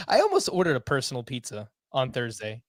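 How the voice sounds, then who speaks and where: A man hosting a fantasy baseball podcast in casual chat, upbeat and quick with banter. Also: mid-range voice, huge pitch swings, no room sound, clean studio sound. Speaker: podcast host.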